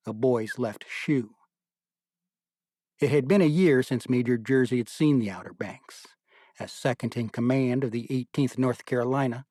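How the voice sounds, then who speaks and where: Measured male audiobook narrator, dry. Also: medium pitch, dark tone, dry recording. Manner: measured, deliberate storytelling.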